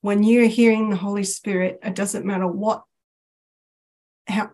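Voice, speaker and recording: A woman guest sharing a personal faith story in casual chat, animated and laughing often, acting out the voices she quotes. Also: medium pitch, measured pace.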